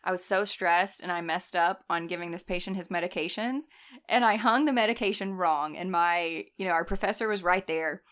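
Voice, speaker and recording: A young woman, a nurse telling stories in casual chat, animated and often laughing. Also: lowish voice, moderate pace. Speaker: guest, nurse.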